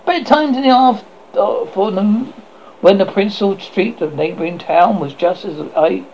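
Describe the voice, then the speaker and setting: Male horror host, story reader; gravelly, lively pitch, stumbles and self-corrects; dull lo-fi recording. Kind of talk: story reading. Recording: dull lo-fi with faint noise.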